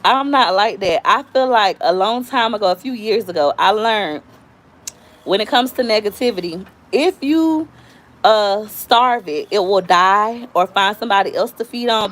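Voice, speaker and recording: A woman's voice: medium pitch, expressive, moderate pace. A woman from Florida hosting a casual live stream, talking candidly and acting out quoted voices as she tells stories. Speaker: YouTube host.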